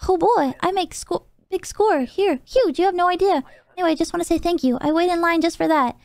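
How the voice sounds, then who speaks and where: A woman's voice: very high voice, a little fast, darkish tone, no echo, pitched above the performer's own voice. A woman reading the lines of a friendly male smuggler from a video game, in choppy broken English.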